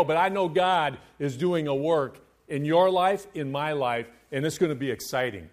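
Man, pastor, sermon, slightly high voice, fervent, hushed-to-loud swings, sing-song scripture reading. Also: expressive, moderate pace, few pauses. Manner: impassioned preaching with swings between hushed and loud.

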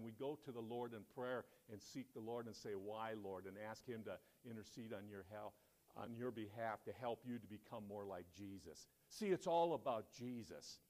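A man preaching in church, telling a story with animated quoted lines and quieter reflective asides. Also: medium pitch. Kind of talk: sermon storytelling.

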